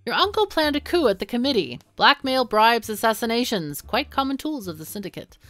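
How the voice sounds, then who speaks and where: A woman's voice: a little high, big pitch swings, brisk, fairly bright tone, no room sound, faint music behind, voice pushed up. A woman reading game text as a cold, formal committee official handing down a sentence. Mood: stern.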